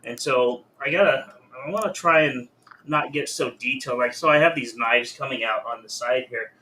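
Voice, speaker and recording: Tired male guest artist, bright voice. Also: mid-range voice, normal speed, slight background noise. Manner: relaxed, hesitant, many fillers. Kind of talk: casual chat while drawing.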